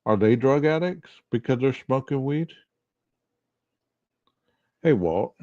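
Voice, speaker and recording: A man's voice: mid-range voice, expressive, slow pace, a little mellow, no room sound, muffled recording. A man hosting a podcast, arguing a true-crime case in casual talk with a heavy early-morning voice and lots of rhetorical questions. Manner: argumentative, asks rhetorical questions. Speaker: podcast host.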